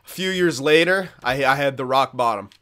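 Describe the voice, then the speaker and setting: Young male gaming host, bright voice, frank and rambling, self-mocking laugh. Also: mid-range voice, moderate pace. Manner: candid, rambling, swears often, laughs at himself. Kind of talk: casual gameplay commentary.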